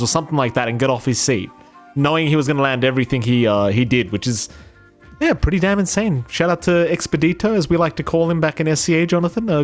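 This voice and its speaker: Fast-talking jokey male esports caster. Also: fairly high pitch. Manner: rapid, jokey, rambling. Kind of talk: esports casting and banter.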